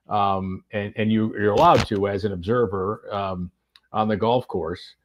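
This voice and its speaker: A man casually telling a golf anecdote on a podcast, animated, with plenty of fillers and restarts. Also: lowish voice, moderate pace. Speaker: golf radio reporter and podcast guest. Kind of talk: casual storytelling chat.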